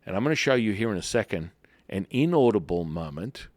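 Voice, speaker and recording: A man's voice: fairly low pitch, very animated, brisk, no room sound. A man co-hosting a casual spiritual podcast, playful and given to jokey slang. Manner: playful, drifts into joking put-on slang. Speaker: podcast co-host and Taoist teacher.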